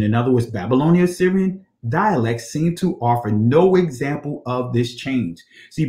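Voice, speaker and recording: In a reverberant space, a man with a mid-range, slightly mellow voice leads a scripture study lesson on ancient Hebrew. He reads passages aloud and checks in with "all right?" and rhetorical questions.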